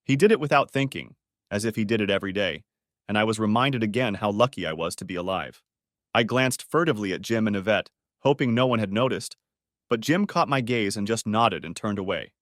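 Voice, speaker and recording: A man reads a scripted story aloud with expressive narration. His voice sits low yet moves with a lively, wide pitch. The recording is dry and close. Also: a little fast, no echo.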